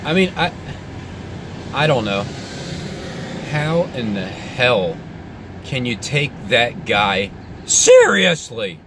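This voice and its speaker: A man commentating in a sarcastic vlog, mocking doomsday alarm with exaggerated outbursts and low muttered asides. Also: sing-song, takes it slowly, pauses often, background noise. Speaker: video commentator.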